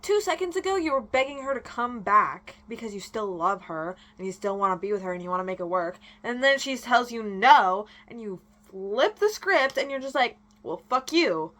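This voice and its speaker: Young woman, vlogger, casual rant, animated, swearing, heated. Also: mid-range voice, moderate pace, few pauses. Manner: animated, ranting, swears a lot. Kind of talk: casual chat.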